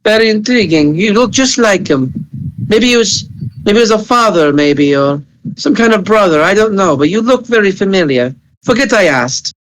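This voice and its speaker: A man's voice: high voice, expressive, moderate pace, rough recording. A man voicing a blood-drinking girl spirit from a bottle, formal in speech and gleefully morbid, with a put-on accent. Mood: courteous, curious.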